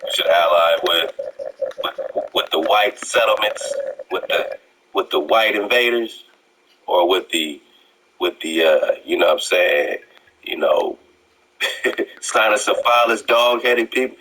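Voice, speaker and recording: Deep, husky man preaching over a clip. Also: unhurried, bright, forceful tone, rough recording. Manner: preachy, challenging, repeats words. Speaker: commentator reacting to a clip. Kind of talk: reaction commentary.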